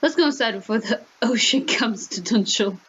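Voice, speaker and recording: A woman's voice: on the high side, normal speed, fairly bright tone, a little hiss or hum, natural voice, rough recording. A woman voicing a cold young man returning to his family home who speaks curtly and formally. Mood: dry.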